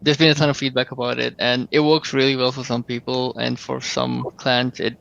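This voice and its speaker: A man's voice: mid-range voice, a little fast, creaky, dull audio. A man moderating a live community Q&A on a voice chat, reading out the questions and keeping things moving. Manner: steady, reads out questions and keeps things moving. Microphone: computer mic over online voice chat.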